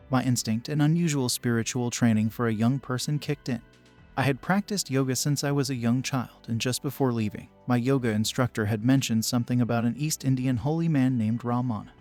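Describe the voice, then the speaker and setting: Calm man narrating ghost stories. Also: medium pitch. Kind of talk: scripted narration of spooky stories. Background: faint background music.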